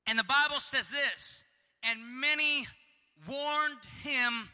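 Male preacher, fervent and repetitive, high piercing voice, reverb-heavy hall. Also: slow. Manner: fervent, repetitive, builds to shouting. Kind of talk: sermon.

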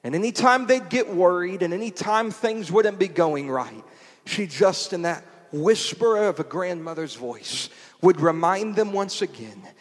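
A man preaching a sermon in a portable church, using rhythmic repetition that builds to shouts. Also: high-pitched, expressive, unhurried, long reverb tail.

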